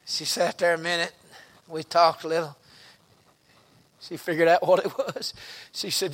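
A man preaching a revival sermon, telling stories in a folksy way and rising into shouted exhortation. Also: on the high side, steady tone, a little slow.

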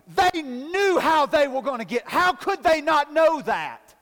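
High-voiced preacher in echoey hall. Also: male voice, big pitch swings, unhurried. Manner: folksy, rising to shouted emphasis, calls for amen. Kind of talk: sermon. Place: church.

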